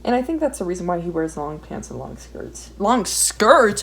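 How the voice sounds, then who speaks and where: A woman's voice: lowish voice, big pitch swings, normal speed, gravelly. A young woman chatting casually while she draws, rambling, swearing often and putting herself down. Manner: swears a lot, rambling and self-deprecating. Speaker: art vlogger. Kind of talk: casual ranting while drawing. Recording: faint background noise.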